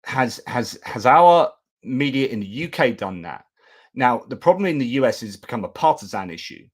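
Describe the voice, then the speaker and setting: A man's voice: medium pitch, very animated, normal speed. A British man hosting a live stream, talking in a rambling, self-correcting way with lots of restarts. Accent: British English. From United Kingdom. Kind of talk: casual live-stream commentary.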